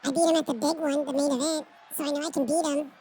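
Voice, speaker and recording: A woman voicing a cocky wrestling champion who talks in laid-back surfer slang and rambles boastfully, with a squeaky chipmunk voice from helium. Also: fairly even intonation, fast, warm tone, lightly acted. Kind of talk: wrestling promo role-play.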